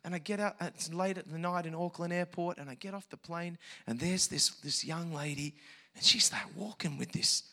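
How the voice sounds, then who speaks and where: Male preacher, bright-toned storyteller, very animated, drops to near hush then surges loud. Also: on the high side, normal speed. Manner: animated, swings from hushed asides to shouted peaks. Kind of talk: sermon storytelling.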